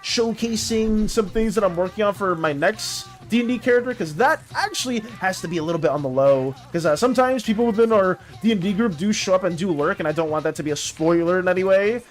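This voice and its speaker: Animated rambling streamer voice, lively pitch. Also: quick pace, hardly any pauses, soft background music. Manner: rambling and animated, many restarts and fillers. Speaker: livestreaming artist chatting with viewers. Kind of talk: casual livestream chat.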